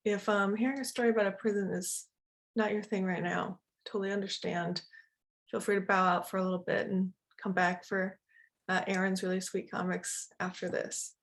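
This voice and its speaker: A woman author casually introducing her book before a reading, with many filler words. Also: mid-range voice.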